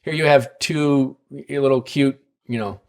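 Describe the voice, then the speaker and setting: Male podcast host, casual storytelling, loose and rambling, mid-pitched voice. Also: fairly even intonation, measured pace, creaky. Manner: rambling, many fillers and tag questions.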